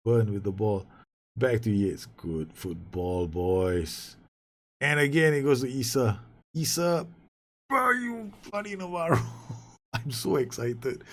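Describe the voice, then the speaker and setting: Deep husky guy playing a football manager game, rambles, swears, yells at his players. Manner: excitable, swears and laughs, talks to his players. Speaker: gaming YouTuber. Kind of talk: casual Let's Play commentary.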